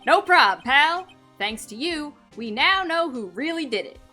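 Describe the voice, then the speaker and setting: A woman voicing a brash, friendly male police detective with a light put-on Texan drawl, loud and hearty. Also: sits high, lively intonation, unhurried, faint music behind, full character voice.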